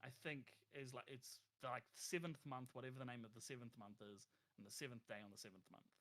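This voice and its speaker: A man's voice: medium pitch, steady tone, fast, a bit bright. A man talking through his character's choices as a player in a casual tabletop game, rambling with many fillers and restarts.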